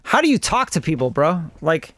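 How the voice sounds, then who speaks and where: A man's voice: a little high, big pitch swings, moderate pace, fairly bright tone, slight background noise. A man reviewing songs on a casual live stream, blunt and profane, often acting out other people's voices. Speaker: music producer reviewing songs.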